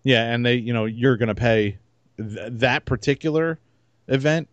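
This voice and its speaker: A man co-hosting a casual podcast, relaxed and rambling, often restarting his sentences. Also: mid-range voice, normal speed, dry recording, muffled recording. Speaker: podcast co-host. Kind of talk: casual chat.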